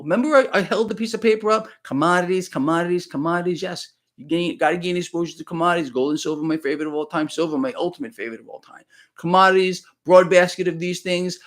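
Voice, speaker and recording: Ranting man hosting live market talk. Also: on the high side. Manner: ranting, blunt, with many repeated words and restarts; addresses viewers as "people". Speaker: financial commentary host. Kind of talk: live solo market commentary.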